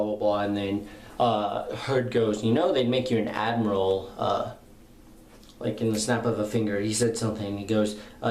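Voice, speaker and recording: A man's voice: mid-range voice, darkish tone. A young man giving a casual, rambling spoken review of a comic book, retelling the dialogue in slangy paraphrase with lots of fillers. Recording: echoey room with faint ambience.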